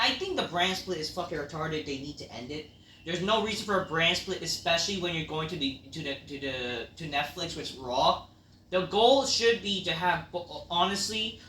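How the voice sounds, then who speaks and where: A man reviewing a wrestling show in a casual rant, rambling and profane with loud outbursts. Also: sits high, slight background noise. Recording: echoey room, mic at a distance.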